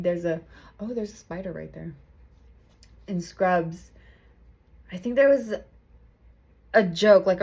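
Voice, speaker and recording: A young woman giving a casual tarot reading to camera, chatty and laughing often, swearing casually. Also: fairly low pitch. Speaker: tarot reader.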